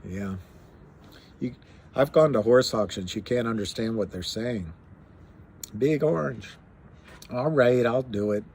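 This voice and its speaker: Slow rambling man on a live stream. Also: medium pitch, vocal fry, a little mellow, slight background noise. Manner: rambling, many fillers and restarts, reads numbers aloud. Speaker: livestream host talking stocks. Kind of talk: casual live-stream chat.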